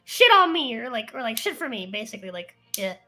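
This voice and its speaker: A woman's voice: a little high, very animated, fairly quick, pushed and bright. A woman co-hosting a podcast in casual, playful chat, giggling often.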